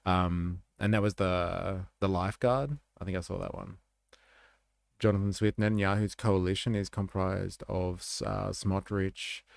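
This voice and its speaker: A man hosting a live stream, chatting casually about the news, reading chat aloud and thinking out loud with many fillers. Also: sits low, creaky, no echo. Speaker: livestream host.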